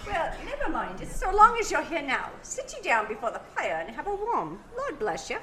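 A woman playing a fussing motherly Mrs. Cratchit, high and lively. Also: normal speed. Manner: breaks character laughing, ad-libs. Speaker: amateur stage player. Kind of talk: live comedic stage reading. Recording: lively audience laughing throughout. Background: crowd laughter.

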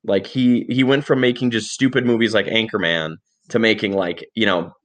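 A young man co-hosts a podcast, launching into long, rambling stories full of swearing during casual chat. His lowish voice moves at normal speed, and his storytelling is animated.

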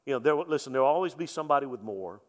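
A male pastor preaching a sermon in a folksy, joking way, swinging from loud emphasis to soft, quiet lines. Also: medium pitch, expressive, rapid-fire. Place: church sanctuary. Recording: long reverb of a church hall.

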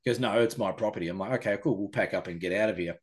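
Fast-talking, low-voiced man. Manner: quick, animated anecdotes. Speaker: podcast co-host. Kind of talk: casual chat.

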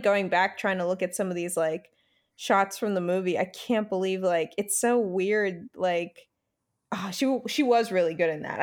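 A woman co-hosting a podcast in casual chat, blunt and sarcastic, swearing freely. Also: fairly low pitch. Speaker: podcast co-host.

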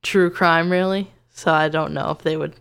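A young woman co-hosting a podcast, talking in a relaxed, matter-of-fact way. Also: deep voice, normal speed, vocal fry, clean tone. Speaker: podcast co-host. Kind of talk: casual chat.

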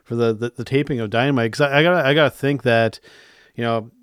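A man's voice: mid-range voice, fast, fairly bright tone, clear, resonant tone, dry recording. Ontario-based man hosting a chat, dry. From Southern Ontario, Canada. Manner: laughs along, short reactions. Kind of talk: casual chat.

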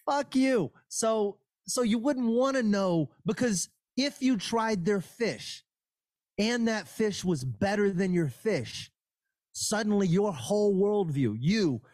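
Animated swearing man, dry close mic. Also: sits high, slow, dry recording. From Boston area. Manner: animated, swears freely, rants. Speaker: podcast host. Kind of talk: casual podcast chat.

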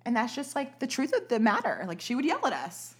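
A woman's voice: a little high, huge pitch swings, brisk, husky. A woman from Arkansas, a podcast host, chatting casually in a plain accentless voice, swearing freely and laughing often. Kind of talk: casual chat.

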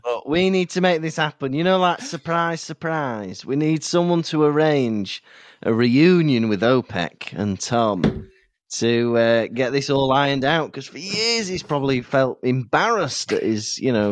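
A man's voice: medium pitch, expressive, dry recording. Playful man bantering on a podcast. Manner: playful, eager listener, quick banter. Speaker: podcast co-host. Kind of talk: casual chat.

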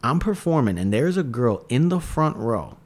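Animated male comedian telling a story. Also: medium pitch, normal speed. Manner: animated storyteller, acts out quotes. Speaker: touring stand-up comedian, podcast guest. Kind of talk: casual storytelling chat.

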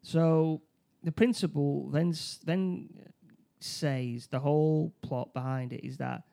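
A man chatting casually, retelling a film plot in an animated way with lots of restarts. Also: a little high, takes it slowly, vocal fry. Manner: animated retelling with acted quotes, many restarts. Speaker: film discussion co-host.

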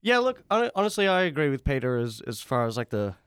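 A man's voice: medium pitch, very animated, fast, fairly bright tone, clear, resonant tone, dry recording. A man, a podcast guest making absurd quips and laughing a lot. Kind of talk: casual review chat.

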